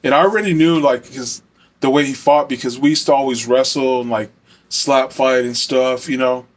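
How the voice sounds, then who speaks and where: A man's voice: medium pitch, steady tone, normal speed. Rambling young man telling a story. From Arizona. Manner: rambling, filler-heavy, swears often. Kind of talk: casual storytelling.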